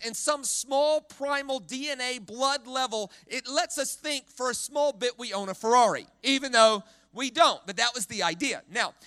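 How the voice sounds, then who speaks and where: A man preaching a sermon with a very high, bright voice and a dry, close sound. He is animated, has the crowd repeat words back to him, and often stumbles and restarts mid-phrase. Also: no echo. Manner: animated, leads the crowd in call-and-response repetition. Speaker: guest preacher.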